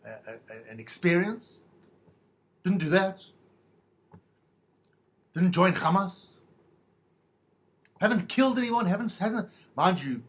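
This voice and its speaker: A man's voice: a little high, a bit bright. A middle-aged man hosting a podcast, telling a rambling, self-mocking monologue in a wry, stop-start way. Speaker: podcast host.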